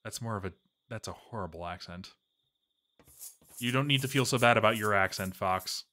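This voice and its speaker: A man's voice: lowish voice, moderate pace, bright, forceful tone. A man giving casual, rambling and playful commentary while he plays a game, chatting to his viewers.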